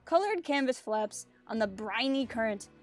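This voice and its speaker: A woman's voice: fairly high pitch, lively intonation, normal speed. Female streamer, chatty and self-mocking, faint background music. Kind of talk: casual game-stream commentary, reading dialogue aloud.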